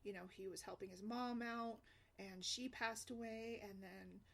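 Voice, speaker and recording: A woman's voice: medium pitch, fairly even intonation, unhurried, gravelly. A woman talking earnestly in a casual vlog, conversational and often asking "right?". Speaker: single mom blogger.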